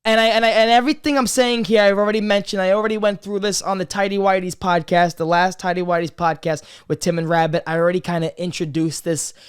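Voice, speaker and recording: A man in his twenties hosting a casual confessional vlog, crude and swearing, swinging from loud joking greetings to quiet serious talk. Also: high-pitched, flat delivery, fast, few pauses, clear, resonant tone. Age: 20s. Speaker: podcast host.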